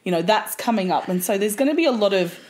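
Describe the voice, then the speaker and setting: A woman in her thirties with an Australian accent, co-hosting a podcast in lively, laughing chat. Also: medium pitch, fast talker. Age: 30s. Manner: lively, laughing, swears casually. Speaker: podcast co-host. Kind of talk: casual chat.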